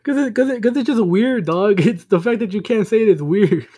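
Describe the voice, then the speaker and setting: A man's voice: high voice, animated, fairly quick, warm tone, slightly rough. A man co-hosting a casual podcast, teasing a friend, laughing often and swearing casually. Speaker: podcast co-host.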